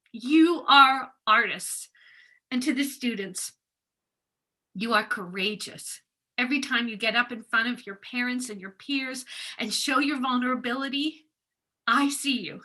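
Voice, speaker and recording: A bright, vivid woman's voice, a little higher than most, in a heartfelt acceptance speech. She is choked up, pausing now and then with soft laughs as she thanks teachers and students. The tone stays warm and sincere throughout. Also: low-quality recording. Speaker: educator receiving an award.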